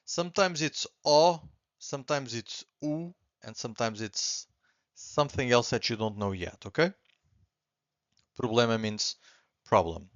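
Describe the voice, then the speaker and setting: A man teaching a beginner language lesson, patiently repeating words slowly and clearly. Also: fairly low pitch, a bit bright, no echo, lo-fi sound.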